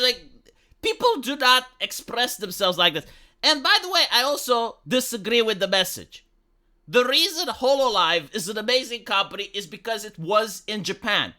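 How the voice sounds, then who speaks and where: A man's voice: extremely high pitch, pushed and bright. A man giving heated opinion commentary, emphatic and swearing freely.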